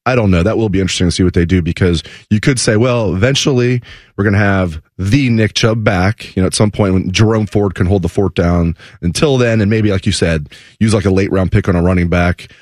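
A man with a fairly low voice fills in on a sports talk radio show, talking it through in a relaxed, conversational way. He thinks aloud, backs up and restarts, and adds small asides. The studio mic sounds close and dry. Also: a little fast, no echo. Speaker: fill-in radio co-host.

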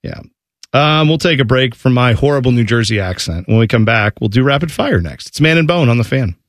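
A man's voice: mid-range voice, a little fast, no room sound, clean studio sound. A man hosting a sports radio show, telling stories in casual, joking banter with a co-host. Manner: animated, joking storyteller. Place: radio studio.

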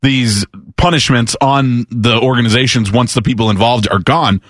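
A man's voice: mid-range voice, fairly even intonation, moderate pace, a bit bright, no room sound, clean studio sound. A man co-hosting a casual sports talk show, reading news items aloud and riffing on them with wry jokes.

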